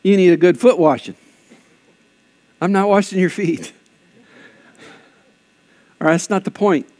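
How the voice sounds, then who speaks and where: A man pastor preaching a lively sermon, shifting between conversational asides and loud, emphatic bursts. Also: high-pitched, a little slow. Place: church.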